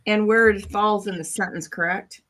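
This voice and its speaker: A woman co-hosting a talk show, chatty and brisk. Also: medium pitch, steady tone, a bit bright. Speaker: co-host. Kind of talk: casual chat.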